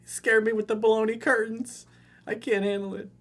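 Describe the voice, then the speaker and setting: A man's voice: sits high, little pitch movement, moderate pace, a bit bright, pitched above the performer's own voice. A man putting on the voice of a whiny, overemotional grown man who cries for his mommy, in a babyish, whimpering whine.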